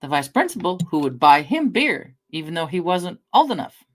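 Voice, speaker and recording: A woman's voice: lowish voice, very animated, moderate pace. A middle-aged woman from the Northwest drifts from one anecdote to the next as she talks to her stream. She swears offhandedly and breaks off to answer viewers. Her tone is loose and conversational. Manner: rambling storyteller, swears casually, talks to chat. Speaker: livestreamer. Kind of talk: casual livestream chat.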